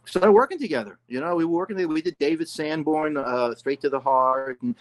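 A man's voice: a little high, lively intonation, a little fast. Rambling older man telling stories. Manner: rambling, full of "you know" and restarts. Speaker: guest musician. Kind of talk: casual storytelling interview.

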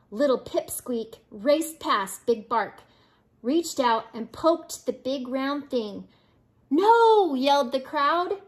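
An older woman, a grandmother, reading a children's picture book aloud with playful voices for the animals. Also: fairly high pitch.

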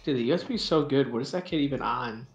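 A man's voice: mid-range voice, quick pace, muffled recording. Sarcastic laughing gamer man. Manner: laughing, sarcastic, keeps saying bro. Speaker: gaming teammate on voice chat. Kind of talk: joking gaming banter. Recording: echoey with background noise.

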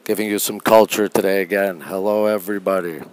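A man from Canada hosting a phone livestream in an art museum, talking low and hushed while greeting viewers by name. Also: steady tone, brisk, poor audio. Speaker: livestream host. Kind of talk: casual live-stream chat. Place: quiet art museum gallery, indoors.

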